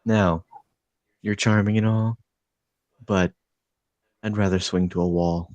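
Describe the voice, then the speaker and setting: A man's voice: on the low side, fairly even intonation, slow pace, a little mellow, dry recording, highs cut off. A man voicing Cain, a blunt, sardonic adult male adventurer, in a dry, matter-of-fact tone.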